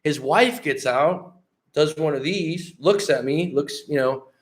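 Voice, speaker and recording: A man's voice: on the high side, takes it slowly. A man in his late thirties from the San Francisco Bay Area, a life coach host telling a story in a candid, conversational way on a casual livestream, swearing often. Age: late 30s.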